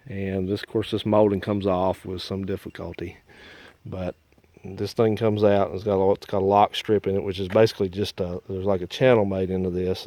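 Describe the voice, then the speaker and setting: Folksy low-voiced mechanic. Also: male voice, warm tone, dry recording. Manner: folksy, explaining as he works. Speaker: mechanic, channel host. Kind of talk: hands-on repair demonstration. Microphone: handheld phone camera.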